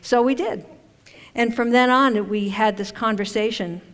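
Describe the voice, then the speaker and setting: A woman's voice: on the high side, fairly even intonation, a little slow. A woman giving a chatty, conversational talk at a conference, with self-deprecating humor. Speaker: conference speaker and author. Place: conference hall stage. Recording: long hall reverb.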